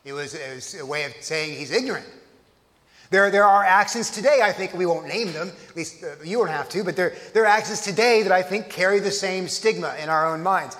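Male pastor, high voice, conversational sermon delivery, long church-hall reverb. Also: a little fast, fairly bright tone. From Texas. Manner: conversational preaching with frequent restarts.

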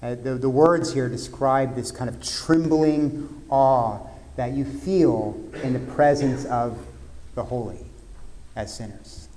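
A man preaching a sermon, talking conversationally, retelling scenes vividly and dropping suddenly quiet at times. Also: mid-range voice. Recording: long hall reverb.

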